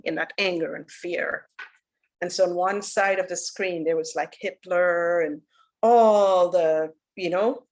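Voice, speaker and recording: A woman giving a dharma talk as a spiritual teacher, telling a story in an earnest, unhurried way that drops soft for solemn moments. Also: lowish voice, low-quality recording.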